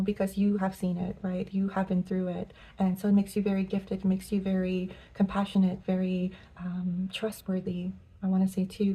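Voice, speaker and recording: A young woman giving a pick-a-card tarot reading, gentle and affirming, with many filler words. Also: mid-range voice. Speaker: tarot reader.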